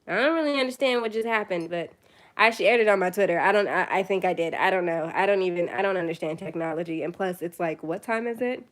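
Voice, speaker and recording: A woman's voice: fairly low pitch, quick pace. A young woman chatting casually on her first phone livestream, tired late at night, rambling and self-deprecating.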